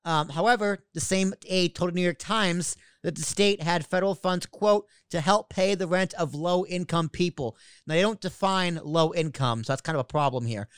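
A man's voice: sits high, normal speed, hardly any pauses, a bit bright, clean tone, no room sound, clean studio sound. A young man co-hosting a casual news podcast, joking around and reading out news items with fillers. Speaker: podcast co-host.

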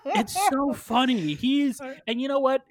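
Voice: sits high, a little slow, a little hiss or hum. A podcast host leading a casual movie review chat, sarcastic and laughing often.

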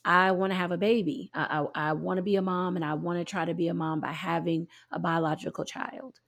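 Interviewer: woman, slightly low, gravelly voice, gentle and probing. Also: level tone, fairly quick. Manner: gentle, probing, rephrases her questions. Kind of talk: interview questions.

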